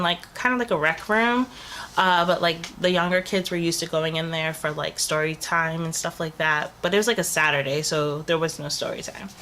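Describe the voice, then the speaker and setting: Young woman travel vlogger, getting over a cold, slightly low voice, chatty and rambling, faint noise behind. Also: a bit bright. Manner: chatty, rambling, many fillers. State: recovering from a cold, coughing. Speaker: travel vlogger, channel co-host. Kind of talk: casual storytelling to camera.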